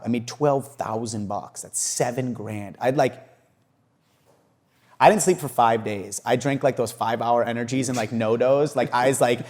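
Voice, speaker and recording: A young man, a podcast guest, telling his story casually and with lots of profanity, laughing often and acting out what others said. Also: mid-range voice. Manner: animated, profane, laughs often, acts out quotes.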